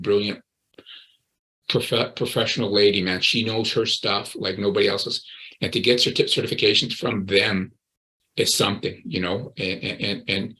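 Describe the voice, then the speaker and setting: A man's voice: lowish voice, fairly bright tone, poor audio. A man in his sixties, a recovery coach, earnestly telling his personal story in an interview and often repeating his words.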